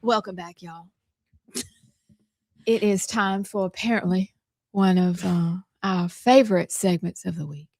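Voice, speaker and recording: A woman's voice: on the low side, moderate pace, darkish tone, no echo. A woman hosting a talk show in a chatty, easy-laughing way. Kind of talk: casual radio chat.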